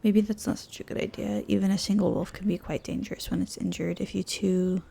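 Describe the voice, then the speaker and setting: A cautious, measured doctor from a horse game, read aloud by a woman. The voice is dark and husky, with a gravelly fry. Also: medium pitch, little pitch movement.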